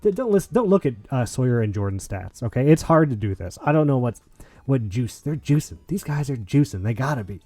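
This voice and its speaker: Guy hosting a game podcast, mellow voice, jokey and hyped, real dry sound. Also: mid-range voice, fairly quick, dry recording. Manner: excitable, jokey, trailing restarts. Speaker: podcast host. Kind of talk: casual podcast chat and wrap-up.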